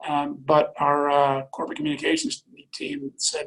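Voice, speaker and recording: This middle-aged man's voice sits a little high for a man and has a husky, breathy edge. He tells a personal story as an interview guest, earnest and halting, often circling back with fillers and repeated words. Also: big pitch swings, a bit bright, poor audio. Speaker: airline executive, interview guest.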